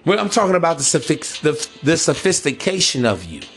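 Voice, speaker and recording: Male podcast host, slightly high voice, blunt and preachy, street slang, faint music underneath. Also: sing-song, brisk, fairly bright tone. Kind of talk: casual monologue.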